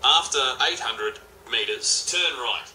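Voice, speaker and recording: Man doing a slow, bright sat-nav voice, flat instructions, echoey room. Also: mid-range voice, pitched below the performer's own voice. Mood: instructive. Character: calm male sat-nav voice. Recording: roomy, distant mic.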